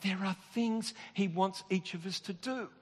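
A man's voice: high-pitched, moderate pace. A middle-aged man, a pastor, telling a personal story in a conversational, self-deprecating sermon with restarts and chuckles. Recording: long reverb of a large hall.

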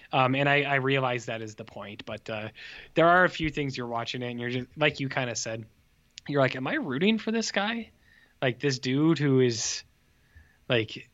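A man's voice: mid-range voice, a bit bright. Male podcast co-host, casual rambling movie chat, joking delivery, slightly muffled audio. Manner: joking, rambling, slips into mock exclamations.

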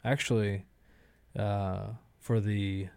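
A man's voice: fairly low pitch, little pitch movement, slow pace, vocal fry, darkish tone, clear, resonant tone, dry recording. A man, a chef and restaurant owner, chatting casually as a guest in rambling, laid-back stories. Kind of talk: casual conversation.

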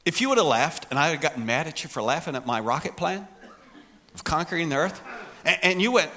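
Male pastor, very high bright voice, lively conversational sermon delivery. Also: normal speed. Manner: animated, conversational preaching with quoted asides.

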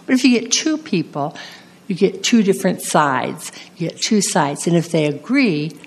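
A woman pastor preaching a sermon, telling a personal testimony in a slow, earnest way. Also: fairly low pitch, big pitch swings.

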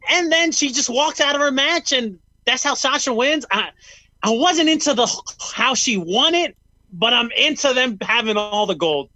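A man's voice: very high-pitched, expressive, normal speed, pushed and bright, no room sound, low-quality recording. A man co-hosting a casual talk show, ranting bluntly and swearing freely. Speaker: podcast co-host. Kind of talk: casual chat.

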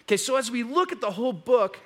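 A man preaching a conversational sermon as pastor in a church, telling a story with animated retellings. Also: extremely high pitch, fast. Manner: animated storytelling, acts out quoted voices.

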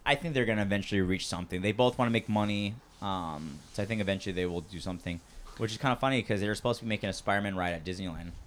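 A man's voice: on the low side, rapid-fire. A man in a casual podcast chat, rambling and joking with lots of restarts. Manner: rambling, jokey, hesitant restarts.

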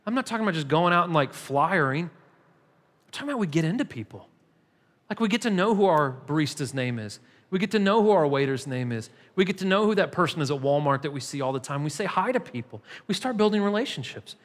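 A man's voice: on the high side, big pitch swings, fast, fairly bright tone. A man pastor preaching a sermon in a church, emphatic and repetitive, building in intensity. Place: church sanctuary. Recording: long hall reverb.

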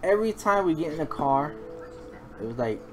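Lively laughing podcast host man. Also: fairly high pitch, brisk, soft background music. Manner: excitable, laughing, slangy. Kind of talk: casual podcast chat.

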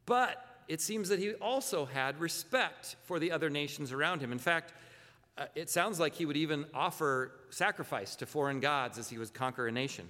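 A man's voice: on the high side, moderate pace, sharp tone, big-room sound. A man preaching a sermon as a pastor, talking conversationally, often repeating words and posing rhetorical questions. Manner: conversational, self-correcting, asks rhetorical questions.

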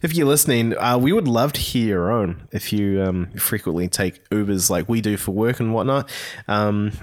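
A man's voice: on the low side, moderate pace. A man co-hosting a podcast in an easygoing, casual way with lots of fillers. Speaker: podcast co-host. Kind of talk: casual chat.

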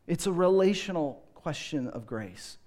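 Earnest preacher man, slightly high voice. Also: lively intonation. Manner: earnest, slows down and drops quiet for emphasis. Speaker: pastor. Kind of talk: sermon.

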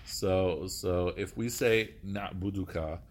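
A man's voice: low-pitched, a little fast, slight background noise. A male teacher giving a classroom lecture, explaining step by step, often saying "okay" and quizzing his students with questions.

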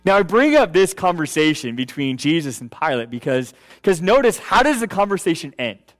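A man's voice: fairly high pitch, big pitch swings, normal speed, fairly bright tone. A man giving a conversational sermon as pastor, often checking in with the listeners and restarting his phrases. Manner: casual, checks in with "okay" and "right"; frequent restarts and repeated words.

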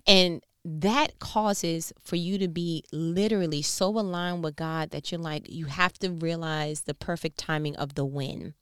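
A woman's voice: sits low, steady tone, a little slow, hardly any pauses, a bit bright, clear, resonant tone, no room sound, studio quality. A woman with a New York accent giving a casual devotional Bible lesson, conversational and slangy with playful asides. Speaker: Bible teacher.

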